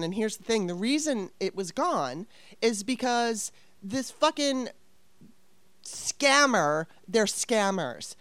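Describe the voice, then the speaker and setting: A woman's voice: medium pitch, no echo. A woman in her fifties telling a story casually, rambling and swearing with exasperation.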